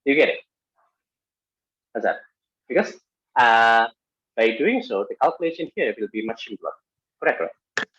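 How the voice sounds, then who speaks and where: A man lecturing on engineering statics in halting speech full of fillers and restarts, working through a problem step by step. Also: medium pitch, lively intonation, fairly bright tone, breathy edge, dry recording. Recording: muffled lo-fi audio.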